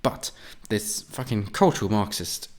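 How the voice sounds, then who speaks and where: A man's voice: lowish voice, a little slow. A man delivering a sarcastic, profanity-laced political rant as a commentator. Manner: sarcastic, profane, mocks opponents in put-on voices. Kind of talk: ranting monologue.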